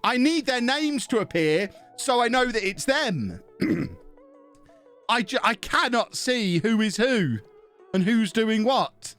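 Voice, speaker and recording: A man's voice: very high-pitched, expressive, slow, fairly bright tone, faint music behind. A man casually commentating on his own football management game on a live stream, chatty and self-mocking as he thinks aloud and thanks subscribers.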